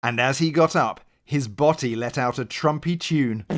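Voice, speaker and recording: A man reading a bedtime picture book aloud as narrator, in a slow, gentle storytelling way. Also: medium pitch.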